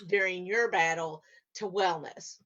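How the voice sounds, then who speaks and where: A woman interviewer asking short, soft questions. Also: on the low side, fairly even intonation, a little slow. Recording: dull lo-fi sound.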